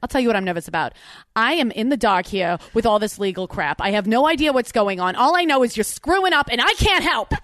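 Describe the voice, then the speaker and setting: A woman's voice: on the high side, lively intonation, quick pace, no room sound, clean studio sound, voice pushed up. A woman reading the part of a brassy young woman fed up with her fiancé, in a put-on New Jersey accent. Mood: exasperated. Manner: loud, exasperated, whiny complaining.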